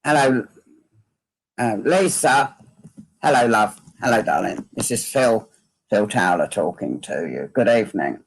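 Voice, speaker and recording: Slow, gravelly man giving a medium reading. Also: on the low side, animated. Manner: slow, repetitive phrasing, asking "can you understand this?". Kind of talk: live online mediumship reading.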